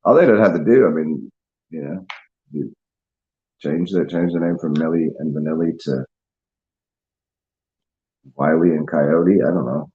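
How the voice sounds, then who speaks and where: Low husky guy rambling and laughing on a lo-fi stream, casual beer chat. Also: unhurried, long pauses, dark tone. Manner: rambling, laughing, drinking beer and chatting with viewers. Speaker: livestream host.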